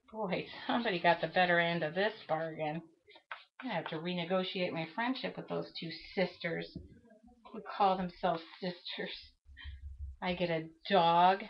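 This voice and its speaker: A woman's voice: fairly low pitch, measured pace. Chatty woman on lo-fi webcam stream. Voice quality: chatty, self-talking. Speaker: art instructor. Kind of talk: live-streamed craft demo chat. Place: home art studio.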